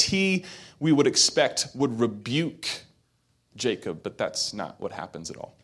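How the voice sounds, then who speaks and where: A man's voice: mid-range voice, sing-song, measured pace, a bit bright, husky. Man, pastor, sermon, storytelling, emphatic build-ups. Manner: storytelling with acted quotes, building to emphatic peaks.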